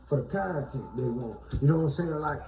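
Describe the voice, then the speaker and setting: A man's voice: a little high, brisk. A man in casual chat, telling street stories with slang and swearing. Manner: slangy, swearing, animated retelling. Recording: roomy, slightly dull sound.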